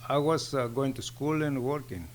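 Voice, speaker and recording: A Greek-accented man in his sixties answers questions in an easygoing chat. His sentences are short and simple, with pauses while he finds his words. A faint hum sits under the recording. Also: mid-range voice. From Greece. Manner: plain, halting speech with simple grammar. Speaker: guest. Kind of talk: casual interview chat.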